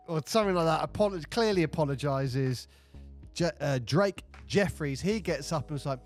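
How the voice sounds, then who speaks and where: Animated man chatting, faint music. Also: a little high, moderate pace. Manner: animated storytelling, acts out quoted lines. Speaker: podcast co-host. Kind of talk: casual chat.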